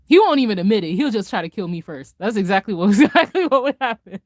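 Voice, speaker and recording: A young woman streamer rants in a lively, casual way, full of slang and quick laughs. Her voice sits at an ordinary pitch for a woman. It is recorded close and dry, with no room sound. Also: dry recording. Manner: animated, fast-talking rant with frequent laughter and slang. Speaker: live streamer. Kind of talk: casual live-stream rant.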